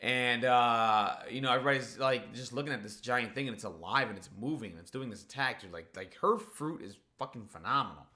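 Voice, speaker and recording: A man rattles through a casual manga chapter review, his voice bright and forward. He swears freely and keeps circling back with "like" and "you know" as he walks through the action. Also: mid-range voice, brisk, hardly any pauses. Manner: excited, profane, full of "like" and "you know". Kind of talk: casual spoken chapter recap.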